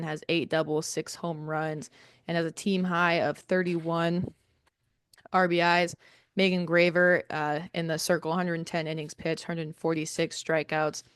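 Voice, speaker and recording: A young woman co-hosting a sports podcast, reading team stats in a steady list with filler ums, recorded with headphones on a close mic. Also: low voice, clean tone, no room sound. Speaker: podcast co-host. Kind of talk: reading softball stats preview. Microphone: headphones and studio mic.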